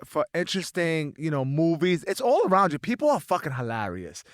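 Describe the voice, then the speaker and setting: Man, comedian guest, high lively voice, swearing casual storyteller, dry sound. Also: a little fast, no echo. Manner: animated storytelling, swears freely. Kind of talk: casual podcast chat.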